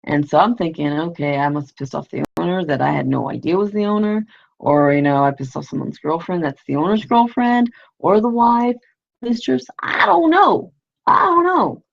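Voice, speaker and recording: A woman's voice: deep voice, fairly quick, creaky, darkish tone. A woman telling a story casually on a livestream, rambling and peppering it with "you know", "like" and the odd swear. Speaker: livestream host. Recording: lo-fi livestream audio.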